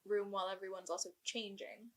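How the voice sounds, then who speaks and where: A young woman co-hosting a podcast, in a medium-pitched voice. She talks bluntly and casually, with lots of "like" fillers and the odd swear word. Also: level tone, a little fast, fairly bright tone. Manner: blunt, chatty, filler-heavy. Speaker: podcast co-host. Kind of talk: casual chat.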